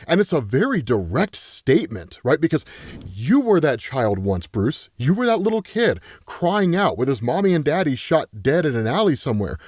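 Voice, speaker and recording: Animated chatty man recapping comics. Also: on the high side, normal speed, husky, dry recording, studio quality. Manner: chatty, keeps asking "right?", laughs often. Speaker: comics explainer host.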